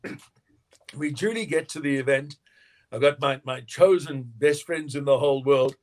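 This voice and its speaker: A man, a winemaker guest in an interview, telling lively anecdotes and acting out quotes with frequent laughter. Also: mid-range voice, normal speed. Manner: animated storyteller, acts out quotes, laughs often.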